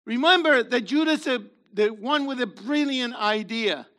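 A man preaching a sermon in a theatrical way, acting out voices and swinging from shouts to hushed asides. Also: extremely high pitch, animated, a little slow.

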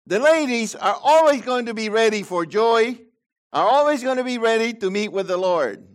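A man preaching a sermon as pastor, swinging between loud high emphasis and low quiet asides. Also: animated, normal speed.

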